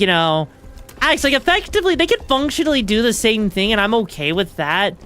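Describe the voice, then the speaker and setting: A woman's voice: on the high side, fairly bright tone, smooth. A woman streamer chatting casually and rambling while she plays a game. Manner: rambling, chatty, lots of fillers. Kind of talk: casual gameplay commentary.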